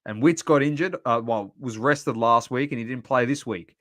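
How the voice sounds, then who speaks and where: Animated Australian man ranting about footy. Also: medium pitch, normal speed. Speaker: podcast co-host. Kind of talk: casual sports chat.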